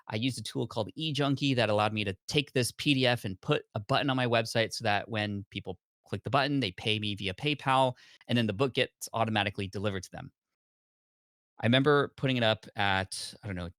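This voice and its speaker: A man in his thirties, a podcast guest, telling his story in a lively way and acting out his past self. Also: mid-range voice, no echo, clean studio sound. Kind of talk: storytelling in conversation.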